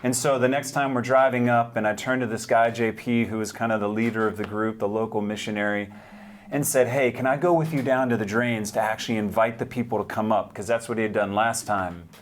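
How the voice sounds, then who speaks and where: A man's voice: fairly low pitch, steady tone, fairly quick, slight background noise. Earnest man telling a testimony. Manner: earnest, hushed when moved, vivid retelling. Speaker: speaker sharing a testimony. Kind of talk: personal testimony storytelling.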